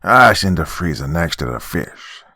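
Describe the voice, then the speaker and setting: A stern, mocking father with a gravelly voice that rumbles down at the very bottom of the range, as a storyteller puts him on. He sounds smug and bossy toward his son, in a dry, close recording. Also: sing-song, moderate pace, bright, forceful tone, no room sound, heavily acted. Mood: gloating. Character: stern teasing middle-aged father.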